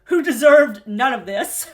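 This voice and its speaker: A woman with a fairly high voice talks through a reality TV recap. She is snarky and chatty, and laughs often as she comments. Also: lively intonation, takes it slowly.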